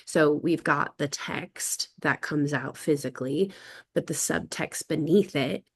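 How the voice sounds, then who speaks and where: A woman's voice: low-pitched, measured pace, gravelly, breathy edge. A woman talking reflectively in a casual group conversation, wandering through her thoughts and acting out quoted phrases.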